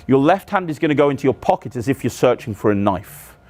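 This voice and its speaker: A man's voice: mid-range voice, big pitch swings, fast, darkish tone. A man explaining a sleight-of-hand magic trick step by step, demonstrating moves as he talks. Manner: demonstrative, walks through moves aloud. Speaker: magic instructor.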